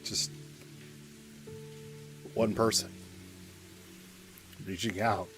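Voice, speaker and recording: A low-voiced man talks to his stream in halting, candid bursts, his voice choked with tears. He pauses, restarts, and pushes through each thought. Faint music sits beneath him. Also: fairly even intonation, fairly bright tone. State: tearful, choked up. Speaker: streamer playing a game. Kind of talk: casual let's-play commentary.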